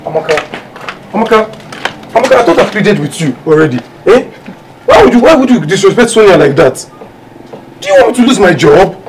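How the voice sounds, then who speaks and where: An actor with a Nigerian accent playing a nervous husband who stammers and pleads apologetically. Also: male voice, high-pitched, lively intonation, brisk, long pauses, noisy background. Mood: exasperated.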